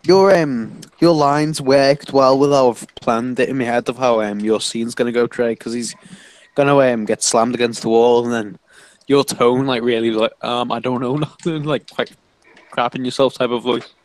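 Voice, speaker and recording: A man's voice: mid-range voice, fairly even intonation, moderate pace, poor audio. A teenage man hosting a stream, chatting casually with friends, rambling with lots of fillers and laughing often. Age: teens. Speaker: stream host.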